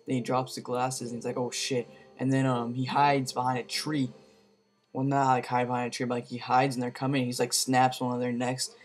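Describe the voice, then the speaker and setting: Casual reviewer, male, monotone delivery, loose rambling retelling full of "um" and "like". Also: medium pitch, a little fast, faint music behind. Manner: rambling, full of fillers and slang. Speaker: movie reviewer.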